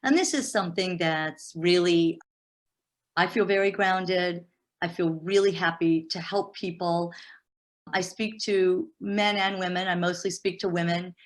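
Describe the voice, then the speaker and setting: A middle-aged woman talking as an interview guest and business coach, animated and emphatic, often repeating words as she restarts. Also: lowish voice, measured pace. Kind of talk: casual interview talk.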